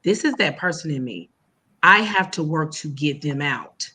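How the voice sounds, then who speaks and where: A woman educator tells stories on a casual podcast. She has a bright, forceful voice and speaks, quoting her students and herself as she goes. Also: low-pitched, animated, moderate pace, slightly rough. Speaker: educator and guest.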